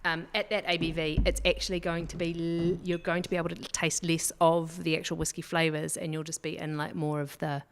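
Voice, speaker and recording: A woman's voice: low-pitched, little pitch movement, brisk, hardly any pauses, long reverb tail, noisy background. A woman guest on a podcast, chattily explaining whisky with plenty of ums. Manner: explanatory, chatty, many fillers. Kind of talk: casual chat.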